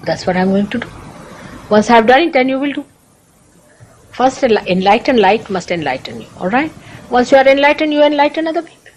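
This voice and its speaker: A woman's voice: on the high side, animated, brisk, long pauses, slight background noise, poor audio. A woman spiritual teacher giving a sermon to a meditation gathering, telling stories with acted quotes and rhetorical questions.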